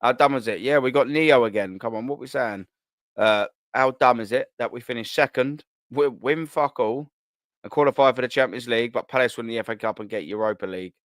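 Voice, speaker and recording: A man's voice: mid-range voice, brisk, no echo. A man in his thirties with a London accent, hosting a live stream and chatting casually with his viewers, full of slang and easy laughter. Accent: London English. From England. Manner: laid-back banter full of slang, laughs easily. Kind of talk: casual live chat reading comments.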